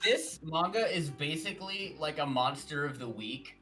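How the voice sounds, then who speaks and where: Wry man with lively pitch. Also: normal speed. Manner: dry, wry quips. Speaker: guest. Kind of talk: casual comedic chat.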